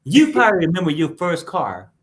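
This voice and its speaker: A man's voice: on the high side, sing-song, fairly quick. Teasing talk-show host, man. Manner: chatty, teasing. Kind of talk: casual chat.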